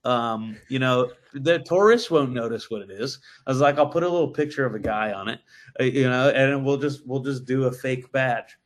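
A man telling a story as a podcast guest, animated and full of swearing. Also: mid-range voice, moderate pace. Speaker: brewery guest. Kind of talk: casual podcast chat.

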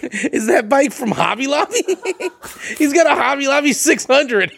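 A man's voice: very high voice, expressive, a little slow, gravelly, crowd noise. A man co-hosting a podcast, joking and laughing through casual banter. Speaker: podcast co-host.

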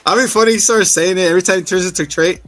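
A man's voice: high-pitched, a bit bright, dry recording, faint music behind. Laughing man recapping a TV episode. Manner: loose, laughing, acts out scenes in quick voices. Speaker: podcast host. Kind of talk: casual TV recap chat.

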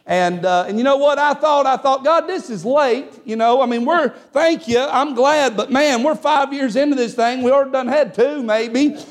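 A man's voice: very high-pitched, moderate pace, few pauses. A man preaching a sermon, telling a personal story in a folksy way with frequent amens.

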